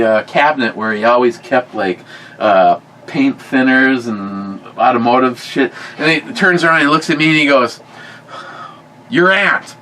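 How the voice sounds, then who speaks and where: A man telling a long story in casual chat, often stopping to correct himself and getting animated when he quotes people. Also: mid-range voice, poor audio. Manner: rambling, self-correcting, animated when quoting. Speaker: podcast co-host.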